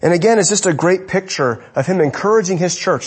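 Guy preaching, swoops all over the place, emphatic, goes quiet to make a point. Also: high-pitched, animated, fairly quick, hardly any pauses, a little hiss or hum. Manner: emphatic, drops to a hush for stress. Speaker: pastor. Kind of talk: sermon.

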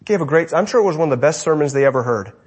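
Husky, animated male preacher. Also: fairly high pitch, rapid-fire. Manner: emphatic, drops to a hush for stress. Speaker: pastor. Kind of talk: sermon.

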